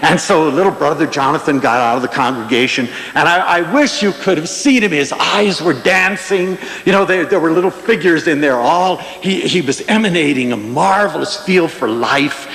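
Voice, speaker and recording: A man giving a humorous public lecture, telling stories in an animated, playful way. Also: fairly high pitch, moderate pace, few pauses. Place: large lecture hall before an audience. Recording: echoey lecture hall.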